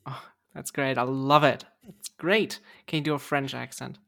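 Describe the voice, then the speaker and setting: A woman's voice: extremely low pitch, steady tone, normal speed, creaky. A woman from Germany co-hosting a podcast in casual chat, teasingly asking her co-host for accents.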